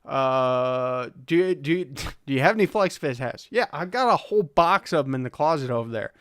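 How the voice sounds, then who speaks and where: A man's voice: mid-range voice, animated, normal speed, fairly bright tone, smooth, no echo, studio quality. A man hosting a live car tuning stream, chatting casually, answering viewers' questions and chuckling often. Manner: laid-back, chuckling often, reads chat aloud.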